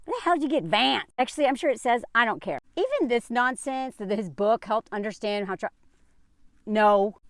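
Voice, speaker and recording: A woman's voice: a little high, animated, moderate pace, dry recording, clean studio sound. A woman giving casual opinion commentary as a vlogger, sarcastic, laughing often and filling her talk with "like".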